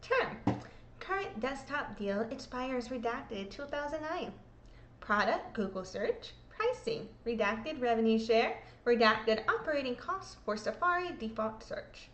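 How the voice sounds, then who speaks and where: A woman's voice: a little high, lively intonation, a little slow, a bit bright, highs cut off. A woman hosting a show, reading court exhibits aloud in casual commentary, swearing freely and mocking herself. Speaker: host. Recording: echoey room.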